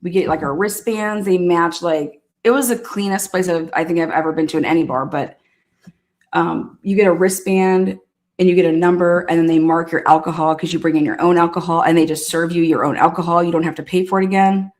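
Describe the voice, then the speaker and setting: A woman casually telling a profane, animated story, often laughing and acting out what people said. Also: lowish voice, fairly quick. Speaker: storyteller recounting past events. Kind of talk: casual anecdote.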